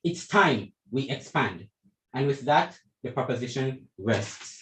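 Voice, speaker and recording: A man's voice: medium pitch, animated, measured pace, background noise. A teenage boy with a Jamaican accent delivers a formal school debate speech. He talks with rhetorical emphasis, throwing questions at the judges and opponents, in a mid-range voice. The sound carries noticeable room echo. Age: teens. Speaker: debate speaker.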